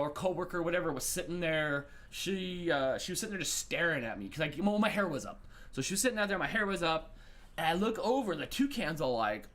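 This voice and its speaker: A man telling a rambling, animated story on his morning show. His pitch jumps all over as he acts out the people he met, sometimes sliding up high and sometimes dropping low and grumbly. It sounds like a casual, chatty solo monologue. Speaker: host.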